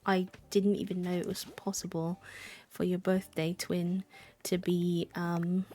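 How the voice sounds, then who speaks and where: A woman's voice: fairly low pitch, flat delivery, measured pace, mellow. A young woman streaming a game live, chatting in a rambling way, answering her chat and thanking subscribers. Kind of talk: casual live-stream chat while gaming.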